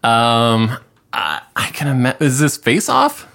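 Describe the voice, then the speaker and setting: Animated bright-voiced man. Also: mid-range voice, a little slow, gravelly. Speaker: podcast co-host. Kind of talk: casual podcast chat.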